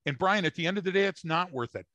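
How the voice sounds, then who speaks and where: A man's voice: high voice, expressive, quick pace, sharp tone, no room sound, dull audio. A man co-hosting a podcast, telling stories in an emphatic, repetitive way in casual chat. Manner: emphatic, storytelling, repeats words. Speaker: podcast co-host.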